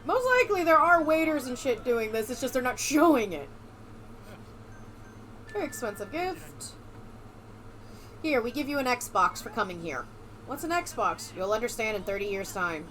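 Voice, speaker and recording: A young woman giving casual, sarcastic gameplay commentary, excitable and swearing freely. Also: a little high, moderate pace, pauses often. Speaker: let's play streamer.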